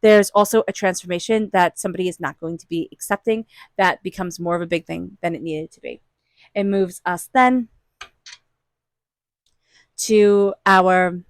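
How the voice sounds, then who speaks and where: A woman's voice: on the low side, dry recording, clean studio sound. Earnest woman giving a tarot reading. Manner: earnest, encouraging, acts out inner voices. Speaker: tarot reader.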